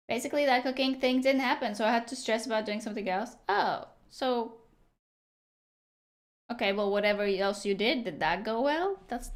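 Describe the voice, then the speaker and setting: A young woman live-streaming a game, chatting casually and teasing her viewers as she answers them. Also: mid-range voice. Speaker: livestreamer.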